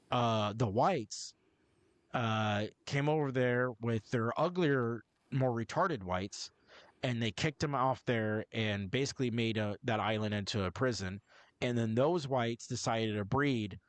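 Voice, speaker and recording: A man's voice: mid-range voice, unhurried, no echo. Rambling, profane male podcast co-host. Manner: profane, rambling, self-interrupting. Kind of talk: casual movie review chat.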